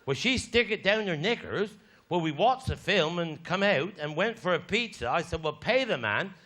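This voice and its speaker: A man's voice: sits high, animated, normal speed, pushed and bright. A man with a Cornish accent doing live stand-up, spinning rambling, earthy stories full of cheeky swearing. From Cornwall. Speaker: stand-up comedian.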